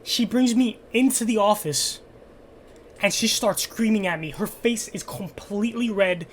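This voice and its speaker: A young man casually telling a fan a story from his school days, animated and full of swearing. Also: sits high, unhurried, a little hiss or hum. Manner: animated, profane, dramatic storytelling. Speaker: YouTuber answering fan questions.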